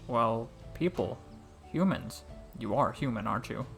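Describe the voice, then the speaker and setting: A soft, cheerful talking frog with a gentle heart, as a man narrator puts him on, unhurried and teasing in a warm way. The voice sits at a middling pitch for a man, kind rather than deep, like a friendly storybook creature. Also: lively intonation, gravelly, soft background music.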